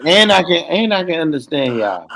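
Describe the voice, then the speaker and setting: A man hosting a live stream in casual chat, animated and profane, laughing often. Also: fairly high pitch, moderate pace, vocal fry, poor audio.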